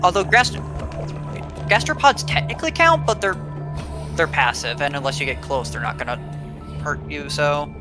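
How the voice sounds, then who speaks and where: This game commentator's voice is a little high and animated, at a moderate pace, as he casually explains the gameplay. He keeps restarting sentences and uses filler words, all over loud game music in a rough recording.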